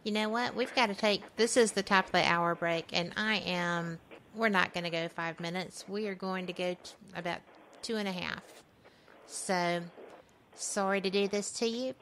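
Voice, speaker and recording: A woman's voice: mid-range voice, fairly even intonation, moderate pace, a bit bright, low-quality recording. A woman hosts a radio talk show, dropping in short encouraging remarks. A faint hiss sits in the background. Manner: brief, encouraging interjections. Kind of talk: casual radio chat.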